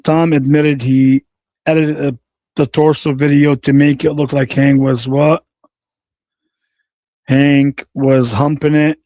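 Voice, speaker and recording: A man's voice: on the high side, little pitch movement, slow pace, long pauses, mellow. Profane, combative man ranting on a livestream. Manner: profane and combative, repeats insults; reads viewer comments aloud. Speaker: livestream host. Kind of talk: angry livestream rant.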